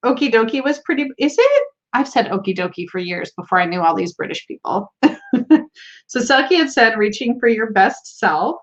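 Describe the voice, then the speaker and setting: Giggly american lady on a tarot stream, kinda high voice, muffled lo-fi sound. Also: very animated, moderate pace. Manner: bubbly, giggly, reads viewer comments aloud. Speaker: tarot livestream host. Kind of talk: casual live-stream chat.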